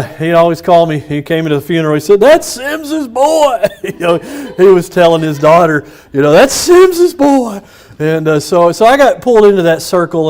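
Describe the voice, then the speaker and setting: A middle-aged man, a pastor teaching a Bible study in a loose, personal way, with restarts and chuckles. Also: on the high side.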